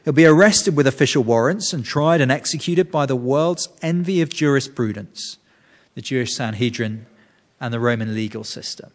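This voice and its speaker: A man's voice: medium pitch, moderate pace. A man preaching a sermon, explaining scripture earnestly and often restarting his sentences. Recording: reverberant hall.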